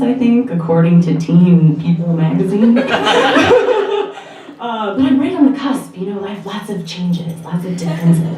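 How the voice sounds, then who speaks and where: A young woman telling a candid, self-deprecating personal story on stage at a live storytelling night, laughing often. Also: medium pitch. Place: bar, live storytelling event. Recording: roomy bar echo, distant mic.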